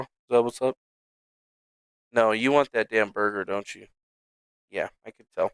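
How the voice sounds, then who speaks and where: Give me a man chatting loosely on a home livestream, swearing and joking in a bright, dry voice. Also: on the low side, normal speed, creaky, pauses often, clear, resonant tone, no echo. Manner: rambling, profane, joking. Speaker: livestream host. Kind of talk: casual livestream chat. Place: home streaming setup.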